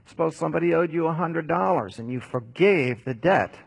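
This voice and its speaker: A man delivers a casual, conversational sermon and tells the story with animated asides. His voice sits a little high, with a gravelly, husky grain running through it. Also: a little fast, no echo. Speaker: preacher.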